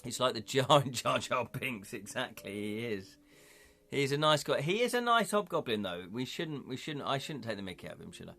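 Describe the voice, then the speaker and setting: A man's voice: mid-range voice, sing-song, moderate pace, gravelly, bright, forceful tone. A man hosting a live stream, reading a gamebook aloud and chatting with viewers, laughing often. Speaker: livestream host reading a gamebook.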